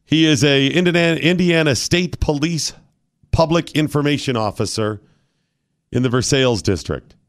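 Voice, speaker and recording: A man's voice: a little high, normal speed. A man hosting a talk radio show, chatting casually in a mock-solemn, theatrical way that builds to bursts.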